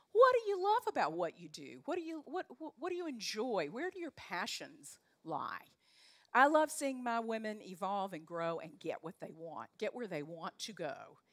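Speaking at a medium pitch with a fairly bright tone, this older North Carolina woman with a Southern accent coaches leadership before a live audience in an event room. Her motivational talk is direct, chatty and folksy, peppered with frequent fillers.

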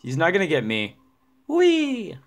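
Male gamer commentator, bright tense tone, lively swooping pitch, profane ranting. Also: moderate pace. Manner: profane, ranting, bursts into yelling. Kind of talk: let's-play gaming commentary.

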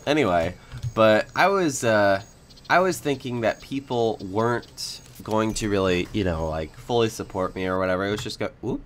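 A man's voice: lowish voice, lively intonation, moderate pace, a little hiss or hum. A young man hosting a casual game video, rambling with lots of fillers and little laughs. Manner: rambling, filler-heavy, giggly. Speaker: gaming YouTuber. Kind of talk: casual let's-play chat.

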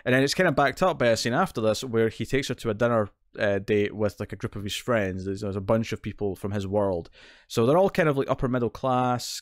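A man's voice: mid-range voice, no room sound, clean studio sound. A British man co-hosting a TV recap podcast, retelling plot details in a rambling, casual way with many restarts. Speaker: podcast co-host.

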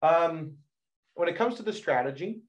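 A man co-hosting a marketing meetup, giving energetic advice and often repeating words as he starts his sentences, over a video call. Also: fairly high pitch, normal speed. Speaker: marketing agency co-host. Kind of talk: casual advice on a livestream. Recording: dull lo-fi video call audio.

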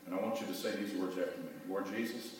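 A man's voice: low voice, fairly even intonation, rapid-fire, darkish tone, a little hiss or hum. A middle-aged male pastor giving a sermon, telling a folksy story and leading call-and-response prayer. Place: church sanctuary. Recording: echoey hall, voice from far off.

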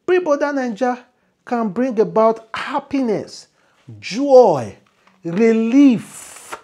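A man puts on a male heavenly voice that scolds with a Nigerian accent. It is pitched well above everyday speech and delivered loudly, with slow, drawn-out taunts and a lively rise and fall. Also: full character voice. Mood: preaching. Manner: repeats taunts slowly and loudly.

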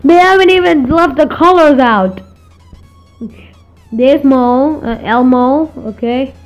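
A woman's voice: sits high, slow pace, faint music behind, poor audio. A young woman with a put-on accent commenting on gameplay, stammering and exclaiming as she reacts. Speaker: gaming video host.

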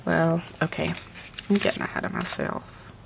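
This woman's voice is low, with wildly swooping pitch and vocal fry, delivered at a normal pace over a noisy background. She's on a live stream at home with her pets, decorating a planner, talking casually and frequently slipping into quiet, half-whispered remarks to herself.

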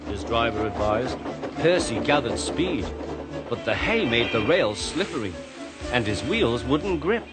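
Lively British man reading a children's story. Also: medium pitch, a little slow, loud music behind the voice.

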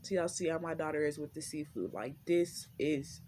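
A young woman chatting casually on her vlog, rambling with lots of fillers and relaxed slang. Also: low-pitched, normal speed, slight background noise. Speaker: vlogger.

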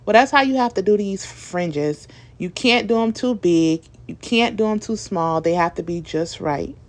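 A young woman who makes DIY videos records a casual, chatty voice-over for a home DIY tutorial, talking informally with lots of fillers. Her mid-range voice is animated and moves at normal speed.

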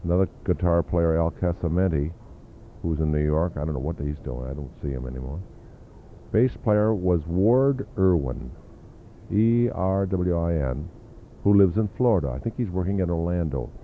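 An older man with a very low voice tells long, rambling stories from his past, stopping often to hunt for names. The sound is thin and tinny like an old phone-line tape with a faint hiss under it. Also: animated, normal speed. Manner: rambling anecdotal storytelling with fillers. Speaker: interview guest, drummer. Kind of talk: reminiscing interview.

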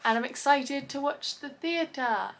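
A woman's voice: sits high, measured pace, background noise. Bubbly young woman vlogging. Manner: chatty, bubbly, self-deprecating asides. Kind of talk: casual vlog chat to camera. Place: hotel room.

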